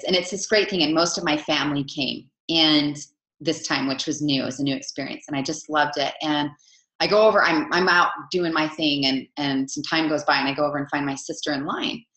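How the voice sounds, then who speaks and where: Low-voiced woman coach, chatty and heartfelt, roomy sound. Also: steady tone, normal speed. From Utah, USA. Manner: chatty, warm storytelling with many "right?" asides. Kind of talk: live online coaching session. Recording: roomy echo.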